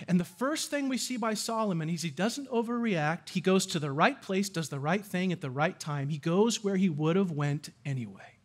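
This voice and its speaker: High-voiced animated male preacher. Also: normal speed, few pauses. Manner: animated, asks the audience questions. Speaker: pastor. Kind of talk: sermon.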